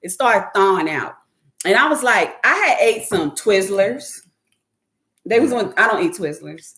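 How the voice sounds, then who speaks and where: Woman host, casual and profane, very lively pitch. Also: a little slow. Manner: animated, profane, laughs often, mimics others. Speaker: podcast host. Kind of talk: casual storytelling chat.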